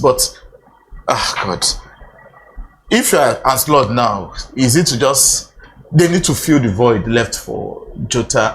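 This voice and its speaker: A man with a Nigerian accent hosting a TV sports show in a studio, speaking haltingly with many fillers and repeated phrases. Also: medium pitch, low-quality recording. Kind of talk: studio discussion, casual.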